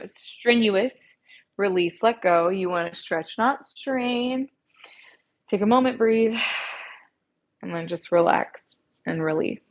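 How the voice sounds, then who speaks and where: A woman yoga instructor calmly guiding a class through stretches, speaking into an earpiece mic. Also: lowish voice. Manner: gentle, calm cueing with soft encouragement.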